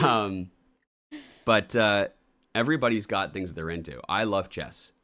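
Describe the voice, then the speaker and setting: Man, from Canada, very low voice, show host, casual rambling, blunt, swearing. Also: measured pace, bright, forceful tone. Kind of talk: casual morning show chat.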